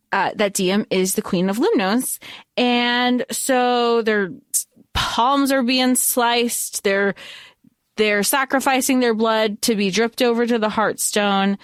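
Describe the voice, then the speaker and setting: A woman's voice: mid-range voice, no room sound, clean studio sound. A woman co-hosting a podcast, recapping a fantasy novel in casual chat and acting out the characters' lines. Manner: animated, acts out character lines, swears. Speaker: podcast co-host.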